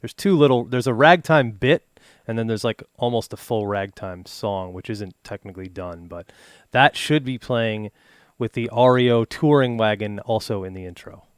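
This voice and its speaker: A man's voice: fairly low pitch, normal speed, smooth, dry recording. A man, a game composer, chatting casually on a live stream in an easygoing, joking way, thinking aloud.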